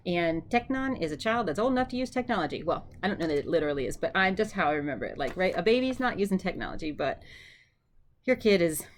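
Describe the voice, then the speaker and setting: Lower-voiced lady teacher, chatty, says each word a few times for you to repeat. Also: very animated, quick pace, slight background noise. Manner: chatty, repeats words for students to echo. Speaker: Greek teacher. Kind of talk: vocabulary lesson.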